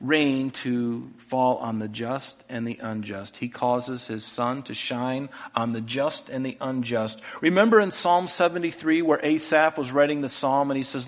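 A male pastor preaching a sermon earnestly, often dropping to a soft voice for rhetorical questions. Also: medium pitch, normal speed.

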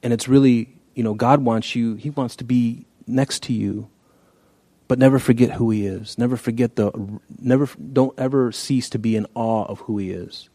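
A man's voice: medium pitch, steady tone, normal speed, warm tone, no room sound. A man preaching a sermon in an earnest, conversational way, reading scripture and often restarting phrases. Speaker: pastor.

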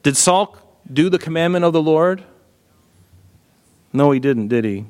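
Middle-aged guy preaching, chatty and animated, asks the crowd questions, voice a bit on the high side. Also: unhurried, smooth, in a large hall. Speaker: pastor. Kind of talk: sermon.

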